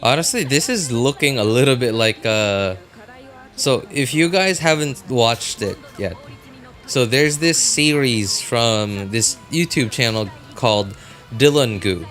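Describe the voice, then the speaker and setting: A man's voice: mid-range voice, expressive, a little slow, a bit bright, soft background music. A man streaming a live reaction, chatting casually and rambling with many fillers and restarts.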